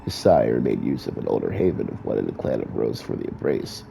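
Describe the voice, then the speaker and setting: Vampire sheriff, voiced by a man, deep, half-whispered, measured, gravelly, faint background music. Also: big pitch swings, background noise, exaggerated voice. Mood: composed. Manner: soft-spoken, measured, courtly. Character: calm, formal vampire sheriff, adult man.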